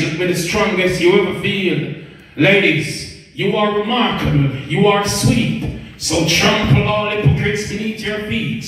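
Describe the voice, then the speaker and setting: A man's voice: high voice, fairly bright tone. Guy doing spoken word poems, preachy rhyming cadence, far from the mic. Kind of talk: spoken word poetry performance on radio. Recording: echoey, distant from the mic.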